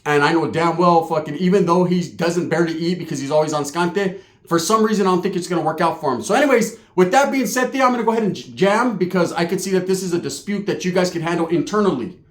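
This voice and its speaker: A man's voice: sits high, quick pace, roomy sound. A man telling a comedic story in a casual, profane, streetwise way, peppered with slang.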